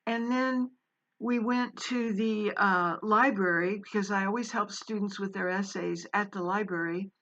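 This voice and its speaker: A woman's voice: medium pitch, fairly even intonation, measured pace, fairly bright tone, muffled recording. A woman and former college English teacher telling a personal story in a casual, meandering way, with many fillers and restarts.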